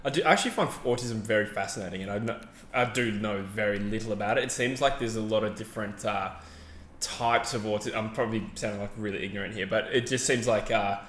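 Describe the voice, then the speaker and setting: A man's voice: on the low side, a bit bright, a little hiss or hum. A man co-hosting a podcast, chatting casually and hedging as he rambles and corrects himself. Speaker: podcast co-host. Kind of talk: casual chat. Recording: roomy echo, faint background ambience.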